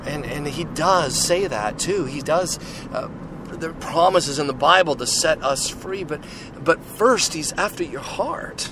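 A man's voice: fairly high pitch, lively intonation, measured pace. Earnest man preaching over street noise. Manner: earnest and rambling, many restarts and "right?", "you know". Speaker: Christian speaker sharing testimony. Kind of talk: informal preaching with personal testimony. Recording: noisy street with passing cars.

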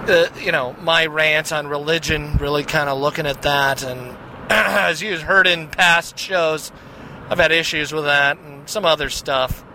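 A man's voice: a little high, fairly even intonation, unhurried, bright, forceful tone, slight background noise, poor audio. A man hosting a podcast, talking in a casual confessional monologue, rambling with many restarts and "right?" tags. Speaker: podcast host.

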